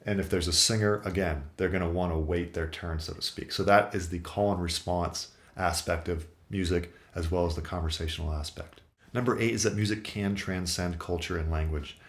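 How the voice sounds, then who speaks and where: A man's voice: low voice, steady tone, brisk. A male guitar teacher explaining music theory in a video lesson, methodical and explanatory, with occasional fillers. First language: English.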